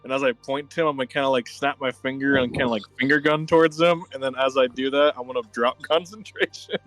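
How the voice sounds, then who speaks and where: A man's voice: medium pitch, steady tone, fast talker, fairly bright tone, no echo, poor audio. A man playing in a tabletop game, playfully describing his character's actions with a laugh. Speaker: player. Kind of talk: casual tabletop game play.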